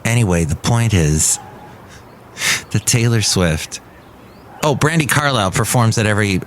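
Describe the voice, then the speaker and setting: A man's voice: on the low side, animated, normal speed, slight background noise. A man hosting his own podcast, talking through the week's news in a rambling, wry, opinionated way. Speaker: podcast host. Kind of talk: casual solo podcast monologue.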